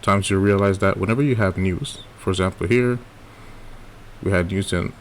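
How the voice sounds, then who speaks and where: A man's voice: sits low, moderate pace, slight background noise. A man teaching a live trading lesson in a casual coaching way, often checking in with "right?". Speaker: trading educator.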